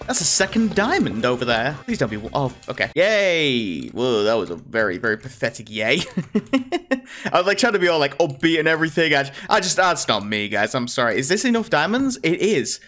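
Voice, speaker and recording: Chatty man with lively pitch. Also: brisk, faint music behind. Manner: rambling, self-mocking, chatty asides. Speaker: gaming video host. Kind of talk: casual gameplay commentary.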